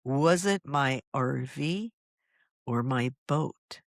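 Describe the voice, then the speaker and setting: A woman's voice: extremely low pitch, lively intonation, drawn-out words, no room sound, clean studio sound. A woman co-hosting a podcast, chatting casually, teasing her brother and laughing often. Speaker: podcast co-host. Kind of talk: casual chat.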